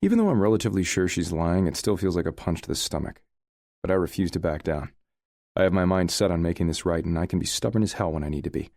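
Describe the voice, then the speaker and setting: Audiobook narrator: man, very low voice, wry tone, dry close read. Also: animated, quick pace, a little mellow, no room sound. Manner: wry, sardonic. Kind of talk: first-person audiobook narration.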